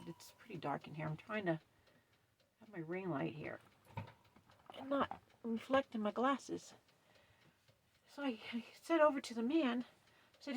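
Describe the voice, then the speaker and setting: Upset woman camp host, gravelly husky voice. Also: lowish voice. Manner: upset, emphatic, retells quarrel with stern quoted lines. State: shaky and upset. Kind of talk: casual vlog rant. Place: dark trailer at night with ring light.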